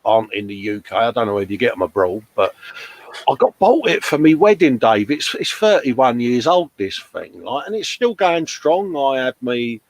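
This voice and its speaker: A man's voice: medium pitch, big pitch swings, moderate pace, no room sound. A British man in his fifties, co-hosting a casual livestream chat, jokey and matey as he reads out viewer comments. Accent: British English. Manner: chatty, jokey, says "mate" a lot. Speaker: livestream co-host.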